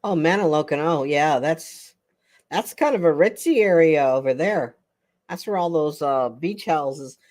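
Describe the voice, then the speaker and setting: A woman's voice: deep voice, expressive, unhurried, a little mellow. An older woman hosting a casual livestream chat with viewers, chatty and rambling, often breaking into laughter. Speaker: livestream host.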